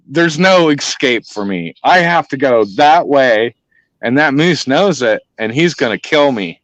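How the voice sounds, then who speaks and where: A man's voice: mid-range voice, moderate pace, dry recording, lo-fi sound. A man telling a hunting story in casual chat, swearing a lot and acting out the voices. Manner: profane, animated, acts out voices.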